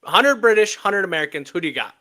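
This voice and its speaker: A man co-hosting a casual sports podcast, animated and joking, with emphatic trash talk. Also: high voice, quick pace. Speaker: podcast co-host.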